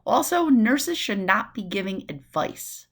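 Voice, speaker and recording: A woman from New City, giving a recorded nursing lecture in a lively way, acting out quick voices and asides. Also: mid-range voice. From New York City. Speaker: nursing instructor.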